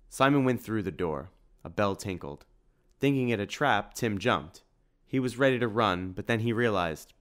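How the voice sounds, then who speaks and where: A man narrating an audiobook with steady, even storytelling. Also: on the low side, normal speed.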